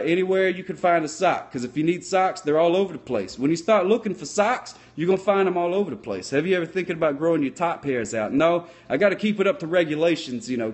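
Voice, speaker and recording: Man as a rambling sock puppet cop. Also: fairly high pitch. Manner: rambling, folksy, deadpan, mangles words. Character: dim, cheerful male sock puppet cop. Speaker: sock puppet comedian answering live chat. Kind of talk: improvised puppet comedy livestream.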